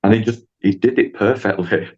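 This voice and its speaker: Brief: man, low voice, chatty podcast guest, slightly muffled audio. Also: normal speed, a little mellow. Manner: chatty, rambling, acts out dialogue with voices. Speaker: driving instructor guest. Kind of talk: casual podcast storytelling.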